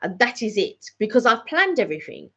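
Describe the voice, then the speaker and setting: Fairly high, bright and forceful with a breathy edge, this middle-aged woman's voice takes big pitch swings at a fairly quick pace. She rambles casually while hosting a live catch-up vlog, often repeating phrases, on dull lo-fi audio.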